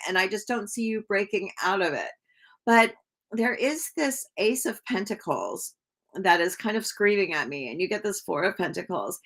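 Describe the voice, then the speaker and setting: A woman's voice: mid-range voice, fairly bright tone. A woman doing a live tarot reading, talking casually and rambling with many fillers, chatting to viewers as she reads. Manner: greets viewers by name while reading. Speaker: tarot reader.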